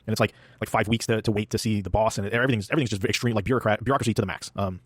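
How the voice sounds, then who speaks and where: A man's voice: on the low side, fairly even intonation, very fast, husky, no room sound, clean studio sound. A man hosting a podcast, recapping an episode in casual chat, rambling with fillers and acting out the characters' lines. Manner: rambling with fillers, acts out quotes. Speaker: podcast host.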